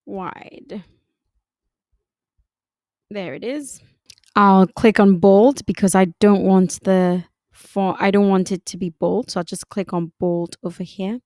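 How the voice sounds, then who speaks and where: A woman giving a calm, step-by-step software design tutorial, talking through each click. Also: medium pitch, measured pace, no echo, studio quality. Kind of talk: screen-recorded software tutorial.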